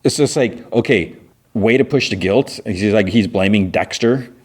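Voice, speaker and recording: A man's voice: lowish voice, moderate pace, a little mellow, husky. A man hosting a podcast, casually recapping a TV episode in a rambling way, full of restarts and "he's like". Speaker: podcast host.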